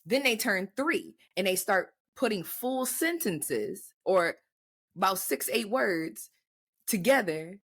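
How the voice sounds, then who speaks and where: A young woman co-hosting a casual podcast, telling stories in an animated way and acting out quotes. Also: mid-range voice, slow pace. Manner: animated storytelling, acts out quotes. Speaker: podcast co-host. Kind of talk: casual chat.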